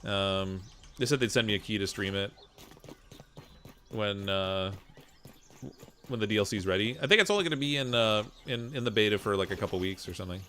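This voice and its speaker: A man in his forties with a slight Canadian accent, chatting casually while streaming a game, relaxed and chuckling, with many fillers. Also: on the low side, a little fast, pauses often. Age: 40s. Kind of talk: casual gameplay stream chat.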